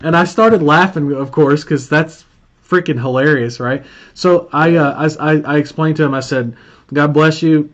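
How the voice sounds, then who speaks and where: A man's voice: a little high, normal speed. A man with a Southern Alabama accent hosting a casual marketing call, telling stories in a folksy way and laughing often. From Birmingham, Alabama. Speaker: host of a marketing live call. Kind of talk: casual coaching chat. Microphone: video call. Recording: dull lo-fi call audio.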